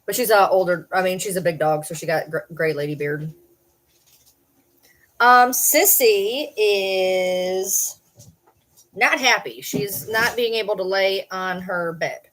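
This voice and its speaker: Woman livestreaming from home, mid-pitched voice, all playful baby talk at her dogs, quick to laugh. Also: fairly bright tone. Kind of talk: casual livestream chat.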